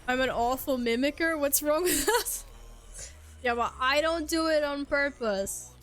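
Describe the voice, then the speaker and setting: While streaming a game, a young woman chats with viewers in a high, slightly bright voice, unhurried and playful, mocking herself and laughing and cursing casually. Faint music plays behind her.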